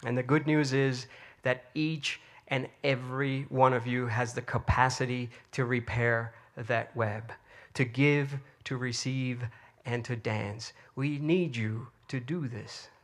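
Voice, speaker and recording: A man's voice: mid-range voice, fairly even intonation, slow pace. A man giving an inspirational talk to an audience, telling a story in a conversational way with frequent fillers. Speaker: speaker.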